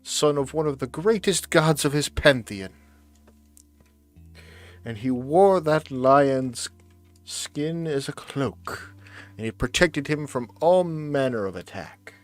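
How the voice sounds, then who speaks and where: A man's voice: fairly high pitch, expressive, slow, soft background music. A man voicing an elderly grandmother seamstress who tells old tales and calls the listener dearie. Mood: fond storytelling.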